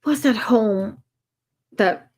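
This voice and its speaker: A woman's voice: fairly high pitch, very slow, a little mellow. A woman co-hosting a casual online chat, telling stories in a rambling, exclamatory way over a video call. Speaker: co-host. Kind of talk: casual chat on a live stream.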